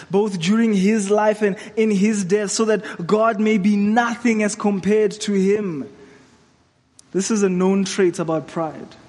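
Earnest high-voiced male preacher. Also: darkish tone, in a large hall. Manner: earnest, exhorting, measured. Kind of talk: sermon.

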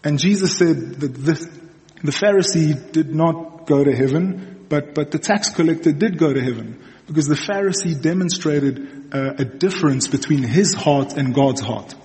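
In a voice on the high side and darkish in tone, a young adult preacher talks at normal speed. His sermon unfolds as conversational storytelling, checking in with the audience and full of "okay"s and restarts, echoing with long reverb in a large hall.

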